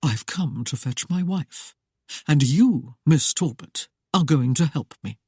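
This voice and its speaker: An audiobook narrator voicing a calm young nobleman who speaks softly and in measured, mocking tones. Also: medium pitch, husky, no echo, clean studio sound, exaggerated voice. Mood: cool. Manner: soft, measured and coolly mocking. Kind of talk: audiobook character voice.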